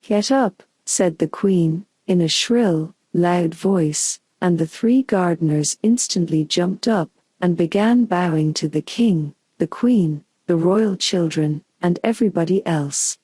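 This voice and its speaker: A woman narrating a bedtime storybook in a calm, soothing, unhurried way. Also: on the low side, breathy edge, no room sound. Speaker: audiobook narrator.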